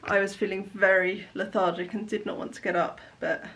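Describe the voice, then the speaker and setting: A young woman, chatting casually in a home kitchen while filming a relaxed day-in-the-life vlog, rambling with frequent ums and little laughs. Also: mid-range voice, a little fast. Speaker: vlogger.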